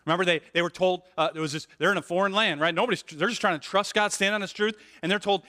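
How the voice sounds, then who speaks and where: A male pastor preaching a sermon with animated delivery, rhetorical questions and frequent "right?" asides, restarting and repeating words as he builds a point. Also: sits high, quick pace, hardly any pauses. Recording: long hall reverb.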